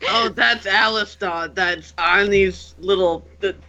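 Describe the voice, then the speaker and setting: A woman playing a tabletop game, speaking in a relaxed, playful way. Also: medium pitch, slow pace, muffled recording. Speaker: player. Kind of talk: casual tabletop play.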